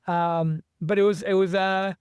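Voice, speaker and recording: A man's voice: high voice, flat delivery, unhurried, clean tone, dry recording, lo-fi sound. A man, an author being interviewed, talking in an eager, rambling way with many restarts. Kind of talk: casual interview chat.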